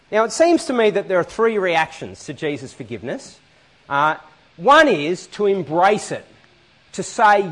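Here a high-voiced man preaches in a church hall, full of energy and regularly turning questions back on his congregation.

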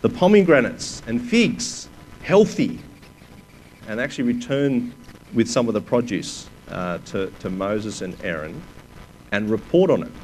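Lively man preaching a sermon. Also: lowish voice, a little slow, a little hiss or hum, poor audio. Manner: asks the listeners rhetorical questions; reads scripture aloud with emphasis.

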